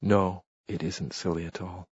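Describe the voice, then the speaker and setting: Man playing a tender English gentleman. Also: deep voice, level tone, a little slow, breathy edge, no room sound, muffled recording, exaggerated voice.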